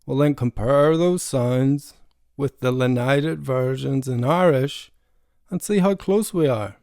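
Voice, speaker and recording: A man's voice: medium pitch, slow, creaky, a little mellow, no room sound, studio quality. A man who is a language learner, giving a casual pronunciation lesson and repeating sounds to demonstrate them.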